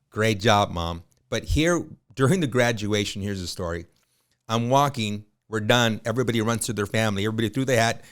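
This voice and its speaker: A man in his fifties, a realtor, telling colloquial anecdotes as a podcast guest. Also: fairly low pitch. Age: 50s. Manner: lively anecdotal storyteller, colloquial, with frequent fillers. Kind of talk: storytelling in a podcast interview.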